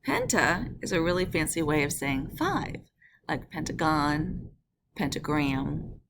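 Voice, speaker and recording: A woman teacher narrating a recorded lesson, explaining patiently and slowing down to read verse lines in a measured beat. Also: sits low, very animated. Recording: noisy background hiss.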